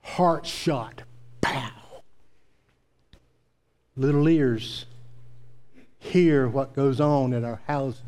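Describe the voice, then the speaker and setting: A preacher with a fairly high voice gives a sermon. He mixes homespun storytelling with emphatic repetition. He drives his points home. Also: a little mellow. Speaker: pastor.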